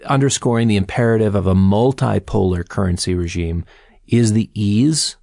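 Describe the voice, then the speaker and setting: Man, low gravelly voice, dry studio sound; measured finance commentator, explains patiently. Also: warm tone, no room sound. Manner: measured, explanatory, storytelling with quoted asides. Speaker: co-host and commentator. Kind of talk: financial podcast discussion.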